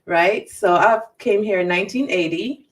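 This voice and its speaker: A woman from Jamaica hosting a casual podcast chat, talkative and quick to laugh. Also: mid-range voice, distant mic. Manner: chatty, laughs often. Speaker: podcast host.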